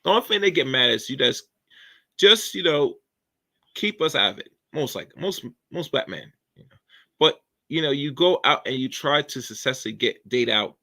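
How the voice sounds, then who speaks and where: Bright-voiced man rambling commentary. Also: medium pitch, animated, moderate pace. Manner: rambling, preachy, filler-heavy delivery. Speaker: commentary channel host. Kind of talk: casual opinion commentary.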